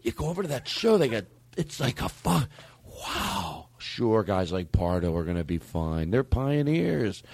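Male comedy podcast host, middle-aged, rambling and profane, lively delivery. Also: on the low side, measured pace, creaky, no echo. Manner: rambling, profane, self-mocking.

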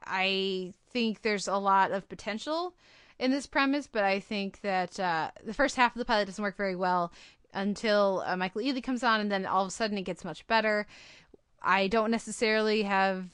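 A woman's voice: mid-range voice, a bit bright, clean tone, no echo, clean studio sound. A woman hosting a podcast, chatting casually about TV episodes, rambling with fillers and restarts. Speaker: podcast host.

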